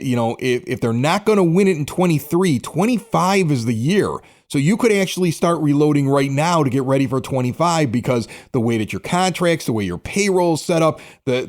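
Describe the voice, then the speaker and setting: A man's voice: fairly high pitch, darkish tone. A man hosting a sports podcast, talking bluntly and emphatically in casual chat, full of strong opinions. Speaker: podcast host.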